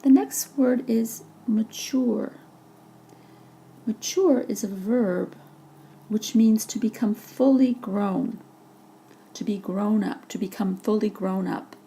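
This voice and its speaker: A woman's voice: mid-range voice, slow pace, warm tone. A woman teacher narrating a vocabulary lesson over a presentation, patiently explaining each word with examples. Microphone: voice-over for a slide presentation.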